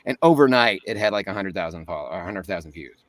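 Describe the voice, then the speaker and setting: A chatty man speaks as a guest in a relaxed interview, joking and laughing as he tells his stories. His voice sits a little low. The recording is dry, with him sitting slightly back from the microphone. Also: fast talker, no echo, far from the mic. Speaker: guest voice actor. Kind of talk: casual interview chat.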